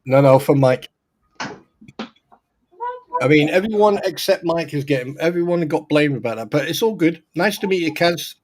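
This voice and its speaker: A man's voice: on the high side, expressive, moderate pace, pauses often. A British man co-hosting a casual online show over a video call, joking and rambling in a teasing way. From Britain.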